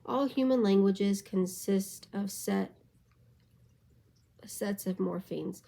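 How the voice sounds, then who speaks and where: A woman's voice: medium pitch, slow, gravelly, rough recording. Tired woman reading a textbook aloud. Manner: steady reading with occasional stumbles and self-corrections. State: sleep-deprived late at night. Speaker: reader of a book aloud.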